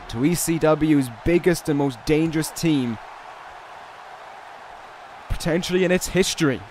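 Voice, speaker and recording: A man giving play-by-play commentary over a wrestling video game, with casual, rambling asides and restarts, and excited calls on big moves. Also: mid-range voice, a little hiss or hum. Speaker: gaming video host.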